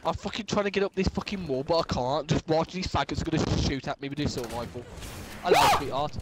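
A man's voice: on the high side, expressive, fast talker, very noisy. A young man giving casual, sweary gameplay commentary and trash talk as host of a gaming channel.

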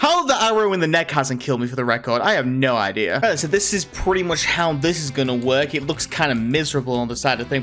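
A man's voice: fairly high pitch, fairly bright tone. A man giving casual, rambling, self-mocking commentary while playing a video game. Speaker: gaming video host.

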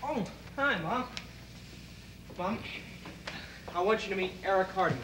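A young actress playing a supportive teenage daughter in a 1960s TV drama, speaking in a gently persuasive way. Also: female voice, medium pitch, animated, measured pace, heavy background noise, lightly acted.

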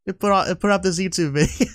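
A man playing a horror game on a headset mic, excitable, laughing often and swearing at the game. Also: high voice. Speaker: gaming YouTuber. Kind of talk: let's-play commentary.

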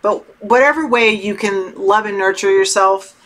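A middle-aged woman giving casual spiritual advice to her viewers, talking slowly and candidly with many fillers and some swearing. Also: medium pitch, a bit bright. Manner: candid, loose and swears freely; slow, meandering talk with many fillers. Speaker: tarot channel host.

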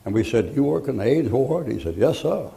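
An older preacher delivers a folksy sermon full of jokes and acted-out stories. His voice is dark and gravelly, and it sounds like a live church recording. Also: mid-range voice, expressive, brisk.

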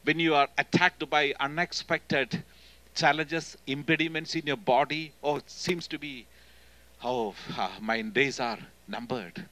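A man with an Indian accent preaching a sermon in church as a guest speaker, emphatic and swinging between loud and hushed delivery. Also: a little high, unhurried, poor audio. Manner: emphatic, often calling "hello?" to the congregation.

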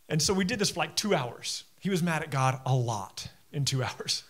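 A pastor in his thirties giving a sermon, telling personal stories in a conversational way and dropping to a quiet low voice. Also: a little fast. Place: church auditorium.

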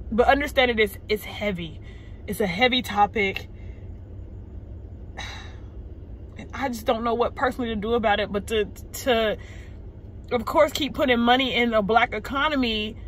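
A woman, venting unscripted to her viewers from a parked car. She is upset and shaken, sighing, halting and repeating words. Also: a little high, a little hiss or hum. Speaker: vlogger. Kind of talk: unscripted emotional vent to camera. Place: parked car in a parking lot.

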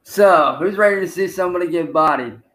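A man on a livestream hurls taunts and curses at an absent rival, calling him out over and over. His voice sits a little high for a man. The sound bounces around an echoey room. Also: unhurried, fairly bright tone. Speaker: streamer. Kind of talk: livestream trash talk.

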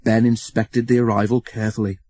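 A man reading a children's storybook aloud, expressive and acting out the story. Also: lowish voice, brisk. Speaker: narrator.

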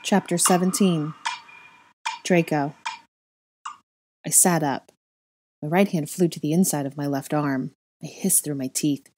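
A woman reading a story aloud in measured, unhurried first-person narration. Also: sits low, mellow, no echo, clean studio sound. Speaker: fanfiction reader.

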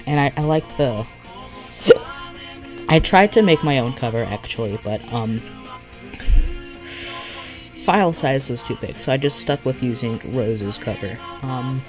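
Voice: mid-range voice, animated, a little slow, long pauses, over music. Rambling, giddy creator with a headache. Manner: rambling and giddy, with many restarts and laughs. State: has a headache. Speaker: video creator. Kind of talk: casual vlog commentary.

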